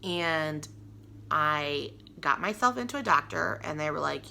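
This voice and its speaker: A woman's voice: sits low, animated, unhurried, creaky, bright, forceful tone, a little hiss or hum. A young woman telling a personal story to camera in a chatty, rambling way, full of "like" and restarts. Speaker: vlogger.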